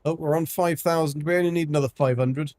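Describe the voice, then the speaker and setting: Chatty man, game streamer, rambling casual talk with a slightly high voice. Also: fairly even intonation, fast, darkish tone, dry recording. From England, Devon. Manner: chatty, rambling, lots of ums. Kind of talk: casual livestream chat while gaming.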